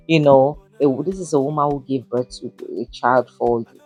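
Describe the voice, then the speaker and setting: A woman's voice: rumbling low, fairly even intonation, normal speed, darkish tone, no room sound, soft background music. A young woman reviewing a drama series in casual, indignant commentary, stressing points and saying "you know" a lot. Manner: indignant, emphatic, repeats "you know" often.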